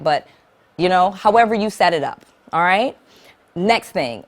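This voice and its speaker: A woman's voice: a little high, expressive, moderate pace. A woman coaching viewers on real estate investing in an upbeat, emphatic teaching vlog, speaking plainly and checking in often with "okay?". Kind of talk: direct-to-camera teaching vlog.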